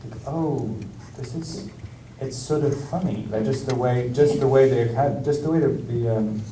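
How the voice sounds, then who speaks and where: An English actor in casual stage talk at a film Q&A, hesitant, with many ums and frequent laughs. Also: male voice, mid-range voice, normal speed, mellow, recorded from a distance. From England. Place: large screening hall with audience. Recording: echoey hall, mic from afar, noise.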